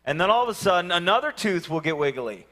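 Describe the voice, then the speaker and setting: A man, preaching a sermon and telling lively personal stories, acting out the voices of the people in them. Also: high voice, fast talker. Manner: animated storytelling, acting out voices. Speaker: pastor. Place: church sanctuary.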